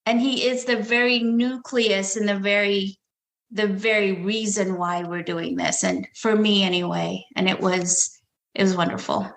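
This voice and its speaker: Slow-talking woman in a roomy echo. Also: medium pitch, steady tone. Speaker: guest. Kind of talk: casual storytelling.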